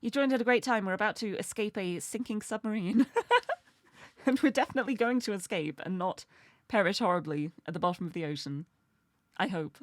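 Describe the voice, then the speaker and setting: A woman's voice: mid-range voice, a little fast, dry recording, soft background music. A bubbly, giggly woman chatting casually while she plays a video game live. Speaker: streamer.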